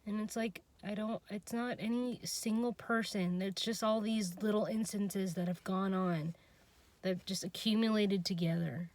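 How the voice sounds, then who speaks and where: A young woman venting her frustration in an unscripted personal vlog, halting and restarting, trailing off and laughing at herself. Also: mid-range voice, steady tone, a little mellow, dry recording. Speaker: vlogger.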